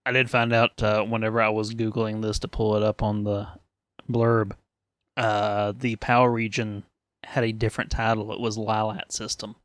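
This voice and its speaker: A man's voice: lowish voice, level tone, normal speed, fairly bright tone, no room sound. Wisecracking, profane male podcast host. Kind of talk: casual podcast chat.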